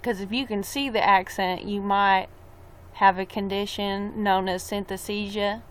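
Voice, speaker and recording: A woman's voice: mid-range voice, steady tone, measured pace, a little hiss or hum. A young woman chatting casually on a live stream, rambling about a trip and reading viewer comments aloud. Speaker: livestreamer.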